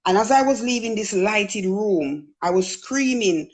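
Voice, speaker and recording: A woman's voice: mid-range voice, moderate pace, few pauses. Jamaican woman telling her story. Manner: earnest storytelling, acts out quoted voices. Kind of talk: casual testimony.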